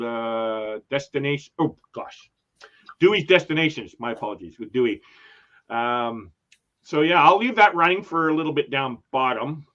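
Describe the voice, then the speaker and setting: A man's voice: medium pitch, a bit bright, lo-fi sound. A man hosting a casual travel livestream, chatting and reading viewer comments aloud with frequent laughs. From Canada. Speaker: travel channel host.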